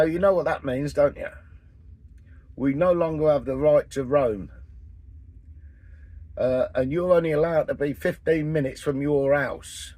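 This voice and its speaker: A man in his sixties, from England, ranting in a casual vlog, blunt and full of swearing, with a husky voice. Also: fairly high pitch, a little mellow, no room sound. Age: 60s. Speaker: vanlife vlogger. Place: in and around a camper van, partly outdoors.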